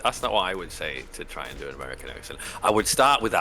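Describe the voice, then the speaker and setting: A man's voice: sits low, sing-song, fast talker, hardly any pauses, bright, forceful tone. A man, streaming and chatting casually, rambling with lots of fillers and the odd swear. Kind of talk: casual chat.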